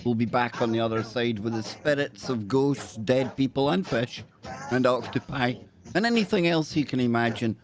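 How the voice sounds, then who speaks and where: A man's voice: mid-range voice, moderate pace. A man hosting a casual talk show, jovial and bantering, often repeating his catchphrases. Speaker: podcast host. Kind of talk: casual radio-show chat.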